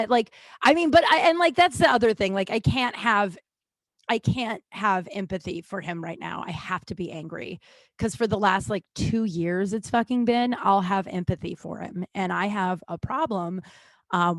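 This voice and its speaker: A woman hosting her own podcast, talking in a rambling, unscripted way, swearing often, restarting sentences and swinging between loud and quiet. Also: mid-range voice, moderate pace, dry recording. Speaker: podcast host. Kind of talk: casual monologue.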